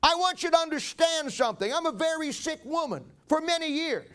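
Pastor voicing a frail pleading woman, very high. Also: animated, a little fast, fairly bright tone. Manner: earnest, pleading. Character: weak, pleading sick middle-aged woman.

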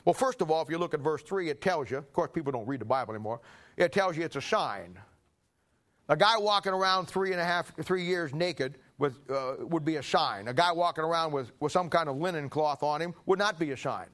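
Folksy preacher man, throat clearing. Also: a little high, animated, a little fast, a bit bright. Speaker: pastor. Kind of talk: sermon with personal anecdotes.

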